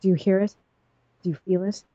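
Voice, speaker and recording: A woman's voice: medium pitch, steady tone, brisk, no room sound, dull audio, natural voice. A woman reading as a commanding young nobleman. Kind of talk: dramatic reading of a fanfic.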